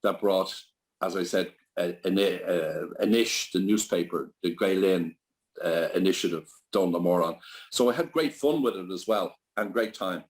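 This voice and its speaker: Older Irish man, low voice, rambling anecdotes, interview guest. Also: a little slow. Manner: rambling anecdotal, with frequent restarts. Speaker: guest entrepreneur. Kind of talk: storytelling interview.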